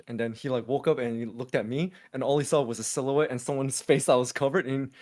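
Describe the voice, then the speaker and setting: A man's voice: mid-range voice, fairly even intonation, fast talker, hardly any pauses, darkish tone. A man co-hosting a podcast, telling a long story in casual chat with many fillers and restarts. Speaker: podcast co-host.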